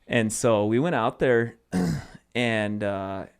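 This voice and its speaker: Speaking slowly at a medium pitch, the young guest comedian from Arizona has a clear, resonant tone with some vocal fry. He chats casually on a podcast, telling stories animatedly and dropping loose fillers.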